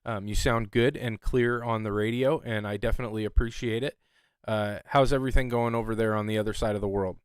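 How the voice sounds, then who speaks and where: A man hosting an amateur radio net in easygoing casual chat, chuckling often and filling pauses with ums and uhs. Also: on the low side, fairly even intonation, clear, resonant tone, no room sound.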